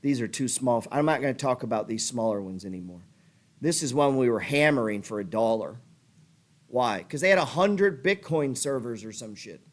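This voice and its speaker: A middle-aged man hosts a trading show and delivers a profane motivational rant, swearing freely as he works himself into a fired-up, pushy state. His voice is medium in pitch and expressive, moving at a moderate pace.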